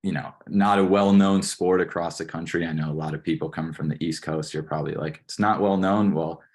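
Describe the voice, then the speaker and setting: A man in his twenties from Wisconsin, a strength coach giving a steady, instructional online presentation with plenty of "you know" fillers. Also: a bass voice, a little fast, breathy edge. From Wisconsin, USA.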